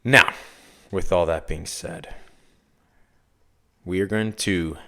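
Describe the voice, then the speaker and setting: Deep-voiced Canadian man, rambling host. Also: slow pace, creaky, sharp tone. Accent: Canadian, Toronto. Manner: rambling, filler-heavy, drifts into tangents. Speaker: podcast host. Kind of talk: casual podcast chat.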